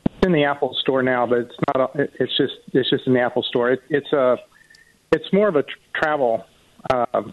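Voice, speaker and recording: A man calling in to a radio show, talking casually and haltingly. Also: medium pitch, phone-quality sound, a little hiss or hum. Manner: hesitant, halting with fillers. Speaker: caller. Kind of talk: casual call-in chat.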